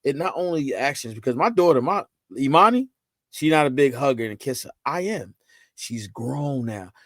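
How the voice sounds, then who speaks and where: Animated man telling stories emphatically. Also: medium pitch, moderate pace, no room sound. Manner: animated, emphatic storytelling with lots of repetition; loose colloquial phrasing, frequent "you know what I'm saying". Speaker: podcast guest, father. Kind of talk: casual conversational interview.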